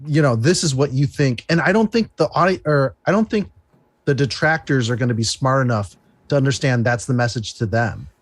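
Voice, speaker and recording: A man on a casual aftershow panel, laid-back and dropping into low mumbles. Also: a little fast.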